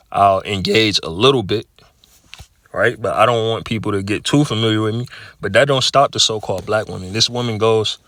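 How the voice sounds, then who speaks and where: Recorded with studio quality and no room sound, a religious speaker with a lowish, fairly bright voice gives a casual testimony. He's profane, repeats words, and leans on fillers like "you know," "man," and "okay."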